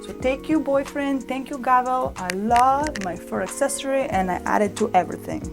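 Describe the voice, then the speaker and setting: A woman's voice: high voice, moderate pace. A young woman reacting to a fashion show as a vlogger, joking and telling stories playfully. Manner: playful, joking, lively storytelling. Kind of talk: comedic reaction commentary. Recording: music playing underneath.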